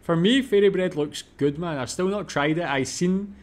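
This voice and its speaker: A man's voice: high-pitched, normal speed. A man hosting a reaction video, chatting casually and thinking aloud as he goes.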